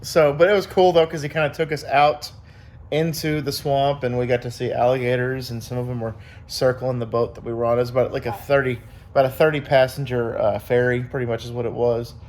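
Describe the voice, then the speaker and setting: A man's voice: medium pitch, fairly even intonation, fairly quick, a little mellow. A young man casually vlogging to his viewers, rambling through a story with many fillers. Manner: rambling, upbeat, lots of fillers and quoted voices.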